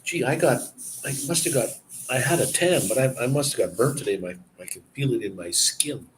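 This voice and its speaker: A man's voice: medium pitch, brisk, background noise. A man hosting a live stream, chatting casually and rambling from one story to the next with chuckles.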